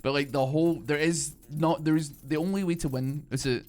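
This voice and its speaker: A young man from Britain streams gameplay and chats casually with his audience, wandering off track with lots of fillers and restarts. His voice is fairly high and a little mellow, steady in tone, at a moderate pace. Game music plays faintly behind.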